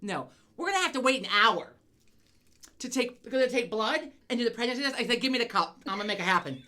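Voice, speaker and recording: Brief: animated woman co-host, lively pitch, salty, quick storyteller. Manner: profane, animated storytelling with laughs. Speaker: podcast co-host. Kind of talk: casual chat.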